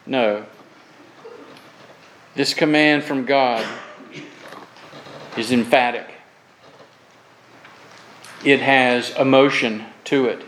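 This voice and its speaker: A man's voice: mid-range voice, extremely slow, long pauses, a bit bright, slight background noise, poor audio. A man from Florida preaching a sermon as pastor, earnest and emphatic, telling folksy stories with humor. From Florida, USA.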